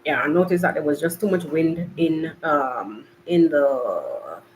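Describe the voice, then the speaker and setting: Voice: medium pitch, animated, unhurried, poor audio. Podcast host, chatty and rambling, home studio, laptop mic, faint hum behind. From Jamaica. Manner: chatty, rambling, talks to viewers directly. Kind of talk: casual live-stream chat. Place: makeshift home studio, hot bright room.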